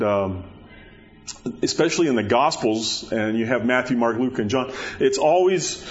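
A man preaching a sermon in a conversational way, repeating words and rising in pitch for emphasis. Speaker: pastor. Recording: dull lo-fi recording.

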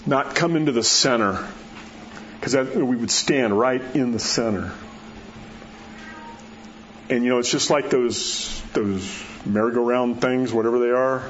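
Man preacher, folksy storyteller, sinks to hushed tones for emphasis, a little muffled with faint room hum. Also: mid-range voice, a little slow, long pauses. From New Mexico. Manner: folksy storytelling, drops to a soft hush at key words. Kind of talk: sermon.

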